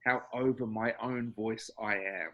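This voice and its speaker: A man's voice: lowish voice, steady tone, unhurried, highs cut off, slight background noise. A man with an Australian accent, a guest musician talking casually and wryly, building his points in lists. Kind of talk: casual conversation.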